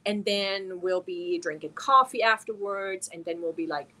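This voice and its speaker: A woman's voice: medium pitch, lively intonation, measured pace. A middle-aged woman from Germany, hosting a casual live stream and reading viewer messages aloud as she answers them. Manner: reads chat messages aloud and answers viewers warmly one by one.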